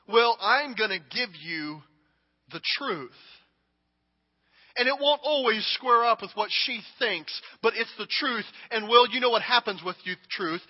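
High-voiced man preaching dramatically. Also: measured pace. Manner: dramatic, emphatic, shifts between hushed and shouting. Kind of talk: sermon illustration, speaking in role as a king. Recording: long hall reverb, dull audio.

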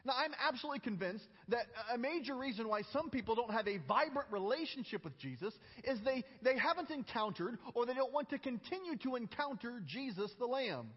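A man with a strikingly high voice preaches an earnest sermon as a pastor. He acts out the exchanges of the passage and often repeats a word before going on. The sound is dull and carries a long reverb, as from a church sanctuary. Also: lively intonation, fairly quick, few pauses, husky. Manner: earnest, acts out the dialogue lines, repeats words when starting phrases.

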